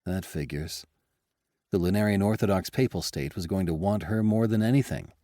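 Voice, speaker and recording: A man narrating an audiobook in first person, with lively, expressive storytelling on a close studio mic. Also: deep voice, moderate pace, no room sound.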